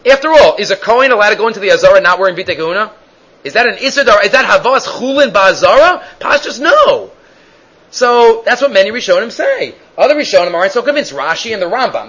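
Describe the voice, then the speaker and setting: A man teaching a Talmud class, animated and sometimes halting, acting out quoted voices. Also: sits high, poor audio. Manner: animated, acts out quotes in raised voice; halting with fillers and restarts.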